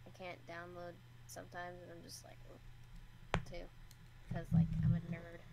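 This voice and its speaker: A young woman chatting casually on a stream, rambling and halting as she talks. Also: on the low side, monotone, gravelly, heavy background noise. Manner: rambling, halting, self-correcting. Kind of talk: casual chat.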